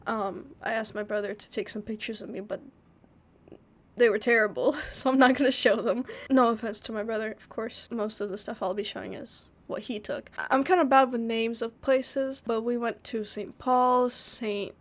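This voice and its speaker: Chatty higher-pitched woman vlogging. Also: steady tone, normal speed. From United States. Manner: rambling, chatty, with filler words and restarts. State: slightly sick. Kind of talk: casual travel vlog narration.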